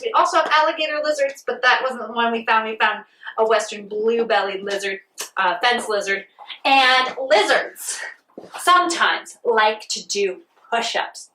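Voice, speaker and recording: Brief: high-voiced woman, kids' yoga teacher, playful and sing-song, heard from afar with a roomy echo. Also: distant mic. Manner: animated, sing-song, talks to a child. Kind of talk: playful children's yoga lesson. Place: outdoors on a farm.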